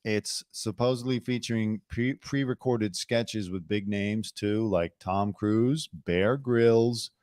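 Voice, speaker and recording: A man's voice: on the low side, slow, few pauses, a little mellow, no room sound, clean studio sound. A man hosting a podcast, giving a sarcastic, wisecracking chat about the news. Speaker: podcast host.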